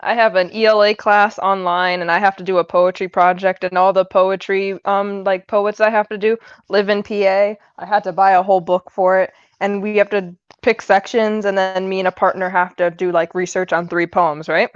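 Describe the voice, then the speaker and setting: A woman's voice: mid-range voice, little pitch movement, moderate pace, few pauses, clear, resonant tone, no echo, muffled recording. A woman casually telling a story in a podcast chat, chatty and full of "like" and "right".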